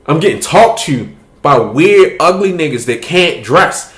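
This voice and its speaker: Animated man telling a story. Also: on the high side, measured pace, reverberant. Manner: animated, profane, laughing storyteller. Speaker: podcast host. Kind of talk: casual chat, storytelling.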